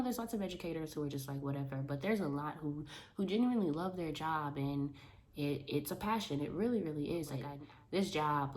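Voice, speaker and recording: Animated woman with a low voice. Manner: animated, talks with her hands. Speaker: vlogger, school paraprofessional. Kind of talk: casual vlog chat to camera.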